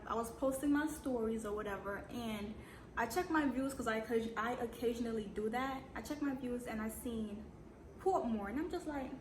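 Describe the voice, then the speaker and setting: A young woman with a Jamaican accent telling a storytime vlog, blunt and sassy with slangy asides and dramatic repeats. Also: on the high side. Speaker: vlogger. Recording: echoey room with background noise.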